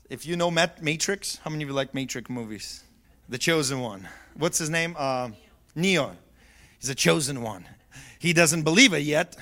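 High bright voiced pastor guy preaching, goes quiet then yells. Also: lively intonation, moderate pace. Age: middle-aged or older. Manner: swings from soft and low to yelling at high pitch. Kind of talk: sermon.

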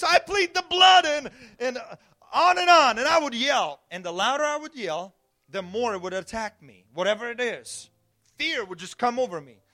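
Male pastor, high bright voice, storytelling sermon that dips to a hush and climbs to shouts. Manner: storytelling, swings from hushed to shouting.

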